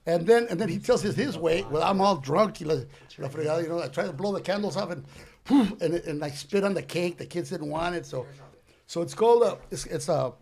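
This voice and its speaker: High gravelly older man spinning a yarn. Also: fairly quick. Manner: animated storyteller who acts out characters and mixes in Spanish slang. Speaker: guest comedian. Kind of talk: comic storytelling on a podcast.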